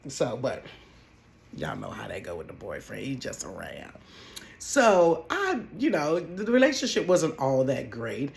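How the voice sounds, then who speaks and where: A woman telling a casual storytime about her old job at home, chatty and animated, calling listeners honey. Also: extremely low pitch, a little slow, vocal fry. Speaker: vlogger telling a work story.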